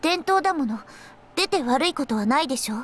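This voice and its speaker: A woman voicing a reserved, quietly defiant schoolgirl in a visual novel, soft-spoken but firm. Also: high-pitched, lively intonation, very fast. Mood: quiet defiance.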